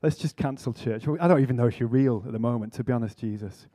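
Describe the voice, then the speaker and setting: A man's voice: medium pitch, fast, mellow. A man giving a conference sermon, telling a story earnestly with self-mocking humour. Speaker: speaker at a church conference. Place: conference hall talk.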